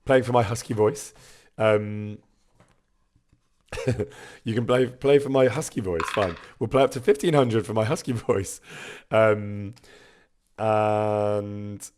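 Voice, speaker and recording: A man's voice: on the low side, a little mellow, clean tone. A man chatting casually on a live stream, reading out viewer messages and laughing often.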